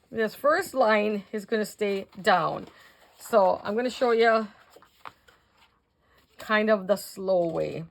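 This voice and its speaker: A woman's voice: medium pitch, slight background noise. An older woman hosting a casual crafting tutorial, chatting to viewers as she works and counting out measurements.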